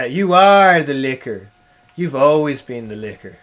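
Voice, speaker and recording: Swearing young game streamer. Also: male voice, mid-range voice, lively intonation, unhurried. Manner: chatty, swears and yells at the game. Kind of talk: casual live-stream commentary.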